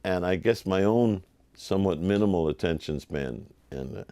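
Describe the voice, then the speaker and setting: An older man, a television producer, telling lively anecdotes in an interview and acting out the voices of people he quotes. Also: sits low, normal speed, no echo. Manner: animated, acts out quoted voices.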